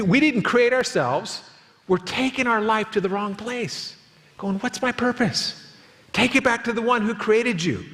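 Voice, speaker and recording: A man in his fifties preaching a sermon as pastor, telling a story with lively acted quotes. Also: a little high, big-room sound. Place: church auditorium.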